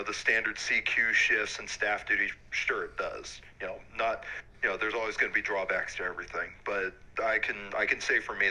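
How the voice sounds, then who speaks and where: A man in his thirties, an Army warrant officer, talking frankly in a relaxed interview with many fillers. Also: fairly low pitch, poor audio. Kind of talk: casual interview.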